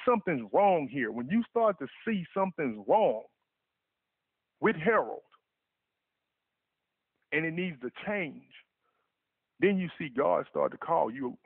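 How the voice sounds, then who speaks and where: A man's voice: a little high, husky, dry recording. A male preacher delivering an emphatic, repetitive sermon on internet radio, often saying "notice". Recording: tinny phone line.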